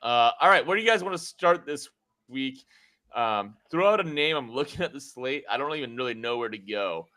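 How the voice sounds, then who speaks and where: A man's voice: medium pitch, lively intonation, fairly quick, pushed and bright. A man hosting a casual sports podcast, rambling and joking with lots of fillers. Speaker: podcast host. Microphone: podcast mic.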